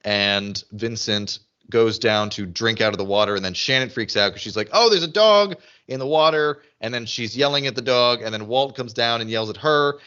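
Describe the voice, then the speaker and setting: A man co-hosting a podcast in casual chat, animated and full of restarts as he talks. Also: lowish voice, normal speed, hardly any pauses, smooth, dull audio. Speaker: podcast co-host. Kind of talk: casual chat recapping a TV episode.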